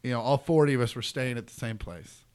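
A man, a comedian guest, tells a story in relaxed chat. He acts out the people in it with sudden loud bursts. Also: mid-range voice, fast talker, clean tone. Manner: animated, acts out quotes loudly. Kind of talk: casual storytelling.

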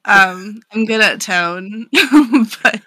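A young man with a very bright, sharp voice co-hosting a relaxed podcast. He laughs easily and fills his talk with casual fillers, recorded dry and close. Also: sits high, very slow, no echo. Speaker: podcast co-host. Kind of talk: casual chat.

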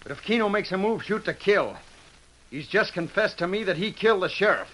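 A rugged Western drifter who has been passing himself off as a marshal, earnest and on the defensive in a 1940s radio play. His voice is bright and forceful, with a middle pitch. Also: lively intonation, a little fast, slight background noise, rough recording. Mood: tense.

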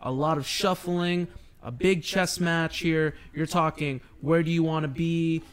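A young man co-hosting a casual sports podcast, talking in excitable, playful bursts. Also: fairly high pitch, measured pace, smooth. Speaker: podcast co-host.

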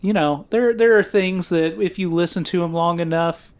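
A man with a smooth, resonant voice pitched a little high chats on a podcast. He tells stories at length and laughs easily as he goes. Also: normal speed. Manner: chatty storyteller, laughs often. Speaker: podcast co-host. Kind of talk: casual chat.

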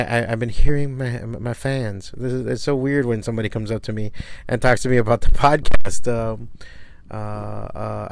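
Speaking from his studio, a middle-aged podcast host and comic shop owner rambles casually, curses freely and pokes fun at himself. His voice is lowish with vocal fry, and there's a little hiss or hum.

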